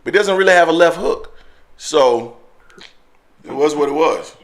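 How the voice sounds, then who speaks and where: A man from the American South with a slight Southern accent, hosting a casual call-in boxing show in a relaxed, slangy way. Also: on the high side, normal speed. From Southern US, Florida. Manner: relaxed, laid-back slang.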